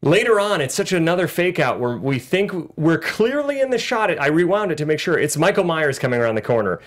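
An animated man chatting casually as a podcast co-host. His pitch sits a little high and swings widely, and he keeps slipping into acted-out lines. He laughs often as he talks. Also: a little fast. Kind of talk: casual chat.

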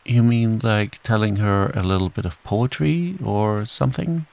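A gentle, simple-minded young bear speaks in an earnest, hesitant storybook voice, as a man reading aloud puts him on. The pitch sits a little above the reader's own low voice, with a gravelly edge. He moves slowly and carefully.

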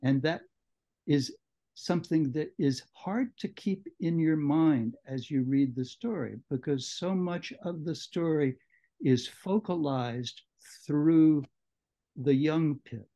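Slow, measured man leading a book discussion. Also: on the high side, mellow. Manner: measured, explanatory, with occasional restarts. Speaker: book club discussion leader. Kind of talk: literary lecture. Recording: muffled lo-fi audio.

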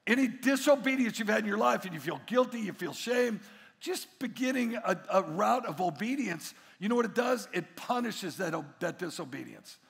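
A middle-aged man preaching a sermon as pastor, an animated storyteller who acts out the voices in his stories. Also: sits high, normal speed, gravelly, in a large hall. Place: large church hall.

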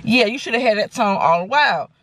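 A woman, telling a story to her viewers in a casual, animated, sassy way from inside a car. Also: mid-range voice, fast. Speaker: vlogger. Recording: car noise behind the voice. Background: car and road noise.

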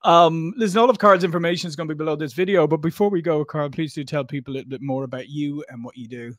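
A man hosting a sales podcast, talking enthusiastically with frequent restarts and quick affirmations. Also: a little high, no echo, studio quality. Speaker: podcast host. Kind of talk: podcast interview.

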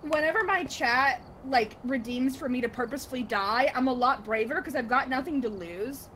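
A woman streamer chatting casually with friends over a game, excitable and quick to laugh, often restarting her sentences. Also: high voice, a little hiss or hum. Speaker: streamer playing a ghost-hunting game with friends. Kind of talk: casual gaming chat.

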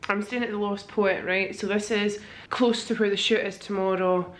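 A Scottish-accented woman vlogger speaks at a moderate pace in a steady, mid-range voice. She's chatting enthusiastically to a handheld camera in a hotel room, a casual vlog chat recorded in an echoey room.

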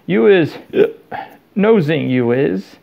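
A man's voice: expressive, slow, creaky, dull audio, exaggerated voice. A man voicing a drunk, sulky female house elf with broken grammar in a storybook reading. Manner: high squeaky slurred grammar.

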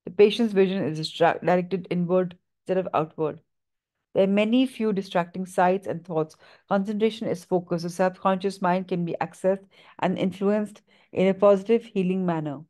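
Woman reader, low warm voice, measured steady read-aloud pace. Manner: measured, steady reading with small stumbles. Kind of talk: reading a book aloud.

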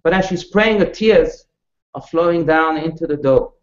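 A man, a rabbi, tells stories to a live class, his voice swinging widely in pitch and loudness as he asks the audience questions. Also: moderate pace. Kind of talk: storytelling lecture to a live audience. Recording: echoey room, dull lo-fi sound.

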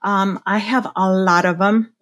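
An older woman speaks with warm enthusiasm about her portrait work. She rambles a little, restarting sentences as her ideas come. The recording is dry and close. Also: mid-range voice, fairly even intonation, measured pace, no echo. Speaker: senior portrait photographer, guest. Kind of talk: casual interview chat.

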